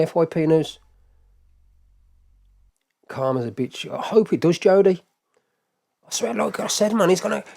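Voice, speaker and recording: A man's voice: mid-range voice, vocal fry, dark tone. A man hosting a live stream, ranting to his viewers with heated, repetitive talk and frequent swearing. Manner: heated, swearing, repetitive, talks straight to chat. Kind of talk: casual live-stream rant.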